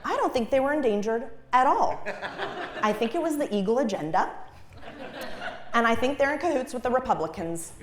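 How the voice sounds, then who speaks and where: A young woman performing stand-up comedy on stage, her fairly high voice leaping up and down in pitch. She talks in an animated way, often laughing at her own jokes and pitching her punchlines into a shriek. She grew up in Los Angeles. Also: fairly quick, pauses often, background noise. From Los Angeles, USA. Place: comedy stage before a live audience.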